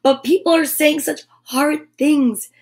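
A woman doing Noddy, a high little toy boy. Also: steady tone, unhurried, a little mellow. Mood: relieved. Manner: plaintive, emphatic repeating. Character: cheerful little toy boy driver, easily upset. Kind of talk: children's storybook read-aloud.

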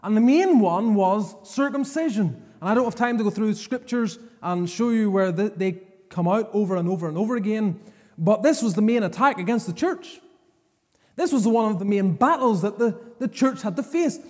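A man's voice: sits high, lively intonation, moderate pace, darkish tone. A man preaching a sermon, emphatic and given to repeating phrases for stress. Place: church sanctuary. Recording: long church reverb.

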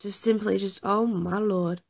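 A woman's voice: mid-range voice, steady tone, unhurried, vocal fry, a little mellow, husky. A young woman chatting casually over gameplay, often apologizing and joking about herself. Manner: self-deprecating, apologetic, chatty. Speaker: gaming YouTuber.

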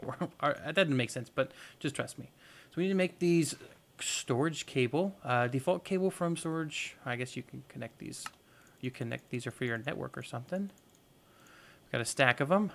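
A man's voice: on the high side, gravelly. A man hosting a gaming video, giving casual let's-play commentary and thinking aloud with playful, goofy exclamations.

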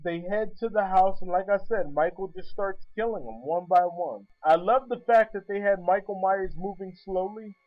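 A man's voice: high-pitched, muffled recording. A man giving a chatty, rambling movie review with a sarcastic edge, sitting back from his microphone. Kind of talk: casual spoken movie review.

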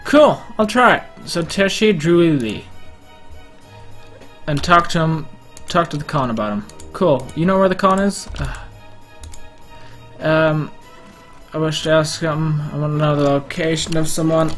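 An unhurried gamer talks through his play in a loose, self-mocking way and now and then bursts out in excitement. Faint in-game music and keyboard clicks sit under the voice, recorded on a desk mic at home. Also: mid-range voice. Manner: chatty and self-mocking, with sudden excitable outbursts. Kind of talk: casual gameplay commentary. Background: faint in-game music and keyboard typing.

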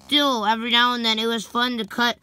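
A young woman reading a children's book aloud slowly, stumbling over names and dropping sarcastic asides. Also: fairly high pitch, flat delivery, bright, forceful tone, smooth. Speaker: storybook reader.

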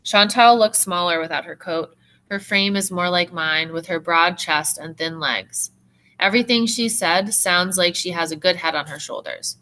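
Woman teacher; reads a novel aloud in steady, expressive first person; lower-set voice with a bright, sharp tone. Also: normal speed.

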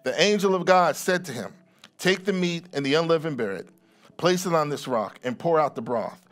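A man's voice: fairly high pitch, lively intonation, moderate pace. A middle-aged man preaching a sermon as pastor, reading scripture aloud and explaining it in a conversational way, often restarting and repeating words.

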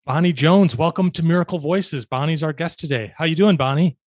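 Relaxed, jokey male podcast co-host. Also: on the high side, brisk, no room sound, studio quality. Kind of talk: casual podcast chat.

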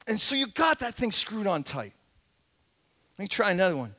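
A middle-aged man preaching as a pastor in a church, earnest and conversational, swinging between emphatic points and quiet asides. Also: sits high, expressive, normal speed. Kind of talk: sermon. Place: church sanctuary.

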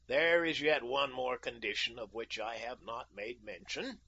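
A man's voice: medium pitch, a little slow, vocal fry, bright, forceful tone, husky, exaggerated voice. A man voicing a brash, cool-headed young American. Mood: firm, cool. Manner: cool, bargaining and mocking. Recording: dull lo-fi audio.

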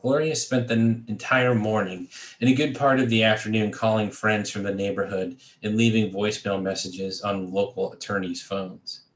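Man, writer reading fiction aloud, measured, low voice, echoey room. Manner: steady, measured, occasional restarts. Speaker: creative writing faculty reader.

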